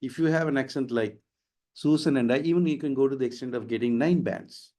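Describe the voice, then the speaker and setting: Middle-aged Sri man, IELTS trainer, explanatory lecture delivery, mid-pitched. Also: fairly quick, mellow. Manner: explanatory, switches between English and Sinhala. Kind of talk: webinar lecture.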